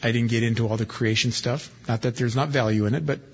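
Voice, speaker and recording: A male pastor delivers an expository sermon in a folksy country-preacher style, reading scripture aloud and then explaining it. His mid-range voice is steady in tone with a breathy edge, and he talks fast. The recording is dull and lo-fi.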